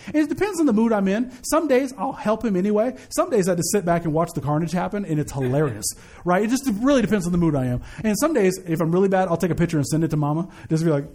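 A man's voice: high-pitched, animated, fast talker, a little mellow. A man in his thirties preaching a sermon, mixing casual jokes and family stories with emphatic declarations. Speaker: pastor.

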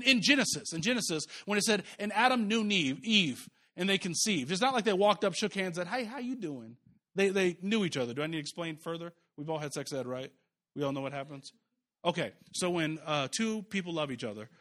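A man's voice: high-pitched, sharp tone. A man pastor preaching a sermon in a conversational way, restarting words and turning to the congregation with asides.

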